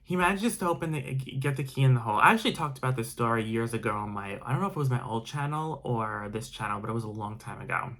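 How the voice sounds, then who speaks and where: A man's voice: medium pitch, lively intonation, fast, few pauses, fairly bright tone. A man telling a personal story in a casual vlog, rambling with frequent restarts and fillers. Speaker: vlogger.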